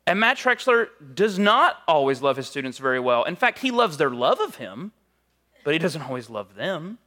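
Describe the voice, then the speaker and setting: A man's voice: on the high side, very animated, normal speed, bright, forceful tone. A man preaching a sermon in a conversational, storytelling way, with frequent casual fillers.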